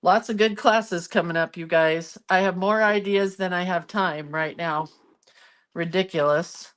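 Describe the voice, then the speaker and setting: Slow-talking woman hosting a craft livestream. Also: fairly low pitch, steady tone. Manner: chatty, greets viewers by name. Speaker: art livestream host. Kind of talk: casual live craft chat. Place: home craft room.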